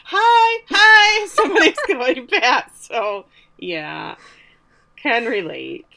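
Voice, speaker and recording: A woman with a bright, crisp voice and a fairly high pitch. She retells a TV episode in casual podcast chat, jumping into quick, exaggerated voices for the characters. Her energy keeps rising and falling as she acts it out. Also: wildly swooping pitch. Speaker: podcast co-host recapping a TV episode.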